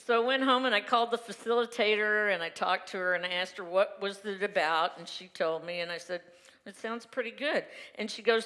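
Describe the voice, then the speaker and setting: A woman's voice: mid-range voice, fairly even intonation, moderate pace, a bit bright. A woman minister giving a candid, conversational Sunday sermon from her own life, laughing often. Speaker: reverend giving a Sunday message. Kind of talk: personal testimony sermon. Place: church sanctuary. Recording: reverberant sanctuary hall.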